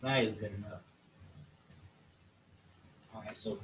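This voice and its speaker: A man teaching a scripture lesson in a halting way, often restarting his sentences as he points things out on a board. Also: medium pitch, very animated, a bit bright. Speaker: religious teacher. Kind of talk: classroom-style scripture lesson. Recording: echoey room, mic at a distance.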